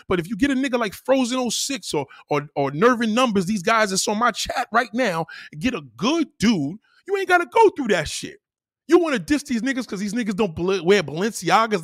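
A man's voice: sits high, a bit bright, dry recording, clean studio sound. A man hosting a live stream alone, ranting to his chat in a profane, combative, preachy way. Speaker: livestream host.

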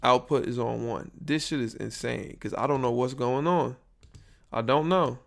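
Slangy young man podcasting with gravelly voice. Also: medium pitch, normal speed. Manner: rambling, troubleshooting audio live, slangy. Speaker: podcast host. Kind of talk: casual solo podcast chat. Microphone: built-in computer microphone.

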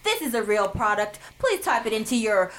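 A woman's voice: fairly high pitch, sing-song, moderate pace, a bit bright, a little hiss or hum. A woman co-hosting a casual comedic podcast, blunt and playful, laughing often. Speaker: podcast co-host.

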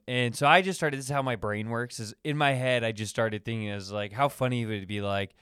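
A man talks through his week on a casual solo podcast, wandering from one anecdote to the next with plenty of fillers. His voice is smooth and clear. The sound is dry and close, with no room echo. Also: mid-range voice, fairly quick, fairly bright tone. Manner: rambling, many fillers, acts out funny voices in anecdotes. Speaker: podcast host.

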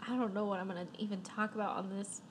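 A young woman co-hosting a casual podcast at a friend's apartment, chatty with a soft voice. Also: medium pitch, steady tone, fast, slight background noise. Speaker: podcast co-host. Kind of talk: casual chat.

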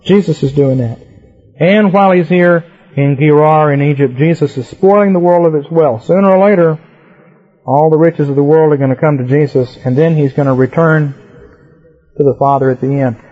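A man preaches, teaching through the scriptures in an emphatic, rhythmic way and repeating words to drive his points home. His voice sits a little high and sounds husky. The recording is muffled and lo-fi. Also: moderate pace.

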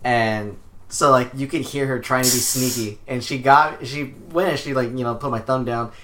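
A man's voice: medium pitch, moderate pace, slight background noise. A young man in casual chat, telling a laid-back anecdote with lots of "like" and "uh". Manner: relaxed storyteller, fillers like "like" and "uh". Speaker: podcast co-host.

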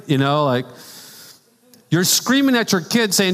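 Male pastor, relaxed conversational preaching, slightly high-pitched, echoing sanctuary. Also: moderate pace, pauses often. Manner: animated storytelling with asides and laughs. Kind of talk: conversational sermon. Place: church sanctuary. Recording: long church hall reverb.

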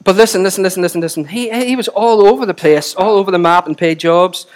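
A man's voice: high-pitched, quick pace. A man, preaching a sermon with chatty asides and repeated phrases for emphasis. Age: 40s. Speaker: pastor.

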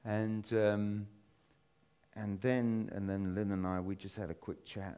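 A man's voice: fairly low pitch, takes it slowly, clean tone. A British man in his fifties giving a church talk, telling a personal story with lots of fillers. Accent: British English. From Britain. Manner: rambling, animated storytelling with many fillers. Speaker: church speaker.

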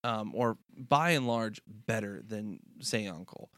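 A young podcast co-host talking through a cartoon episode in relaxed, playful chat. The voice sits at a middle pitch and is recorded dry and close. Now and then they break into squeaky, excited character impressions. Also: slow pace, no echo.

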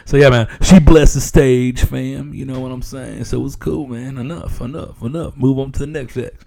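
A middle-aged male comedy podcast host with a gravelly, fry-heavy voice, chatting loosely. He swears freely, leans on slang and breaks into laughs often. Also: medium pitch, steady tone, normal speed, dark tone. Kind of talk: casual rambling chat.

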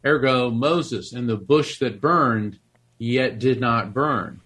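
A middle-aged man from Florida, an author and medium, telling a personal story in an interview with earnest, animated restarts. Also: medium pitch, takes it slowly, slightly rough. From Florida, USA.

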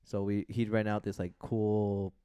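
Low smooth-voiced man telling stories. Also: a little slow, no echo, studio quality. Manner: animated storytelling, acts out quoted voices; swears casually. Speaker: podcast co-host. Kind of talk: casual chat.

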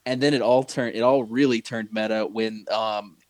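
A man's voice: on the low side, steady tone, moderate pace, dry recording. A man co-hosting a casual chat show, talking in long rambling stretches full of restarts and fillers. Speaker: podcast co-host.

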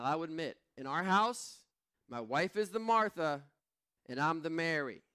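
A man's voice: a little high, fairly bright tone. A middle-aged man preaching a sermon in a humorous, self-mocking way, acting out the voices he quotes. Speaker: pastor.

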